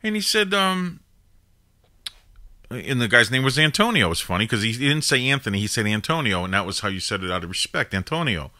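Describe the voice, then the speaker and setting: A man's voice: mid-range voice, very animated, brisk, sharp tone. A man in his fifties hosting a live call-in show, telling a family story in a rambling, casual way full of asides. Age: 50s. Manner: rambling, digressive, with frequent "now" and "you know" asides.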